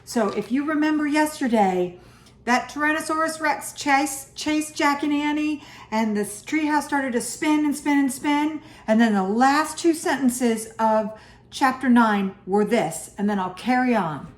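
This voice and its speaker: Woman teacher for a read-aloud, slow and animated, in an echoey room. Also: high voice. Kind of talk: reading a chapter book aloud to students.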